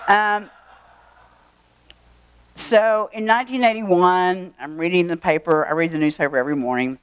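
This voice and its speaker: A woman's voice: lowish voice, moderate pace, clean tone, no room sound. An older woman, telling a personal story to a live audience in a chatty, wry way, with asides and fillers. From Texas. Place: event room.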